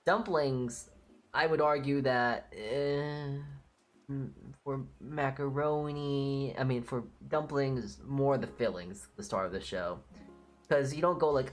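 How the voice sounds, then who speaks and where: Woman streamer, unusually deep voice, blunt and opinionated, casual live-stream chat, faint music behind. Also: unhurried.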